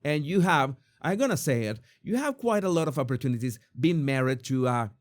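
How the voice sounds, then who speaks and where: A man hosting an entertainment commentary channel, reacting in an excitable way, swearing and stumbling over repeated words. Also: mid-range voice, fairly quick.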